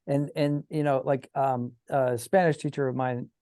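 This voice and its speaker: A man's voice: mid-range voice, steady tone, moderate pace, darkish tone, no echo, clean studio sound. A man chatting animatedly as a podcast guest, heavy on fillers like "you know". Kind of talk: casual podcast chat.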